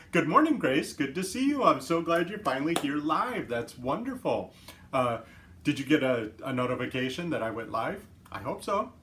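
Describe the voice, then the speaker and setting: A man's voice: fairly high pitch, very animated, normal speed, sharp tone, a little hiss or hum. A man hosting a casual live stream, chatting easily, laughing often and greeting viewers by name. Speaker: livestream host. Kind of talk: casual chat.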